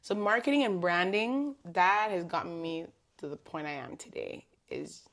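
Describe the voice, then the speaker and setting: Lively, low-pitched woman stylist guest. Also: moderate pace. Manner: animated storyteller, laughs easily, acts out quoted voices. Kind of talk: conversational podcast interview.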